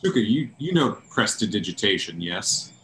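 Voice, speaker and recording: A man's voice: lowish voice, big pitch swings, moderate pace, vocal fry, a bit bright, slight background noise. A man playing a tabletop game, asking careful clarifying questions. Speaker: player. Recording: roomy echo.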